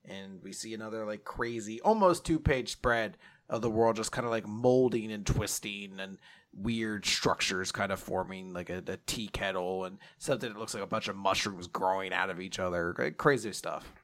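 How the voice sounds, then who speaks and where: A man co-hosting a casual chat, animatedly retelling a comic with quick bursts of quoted voices. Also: lowish voice, a bit bright. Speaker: podcast co-host.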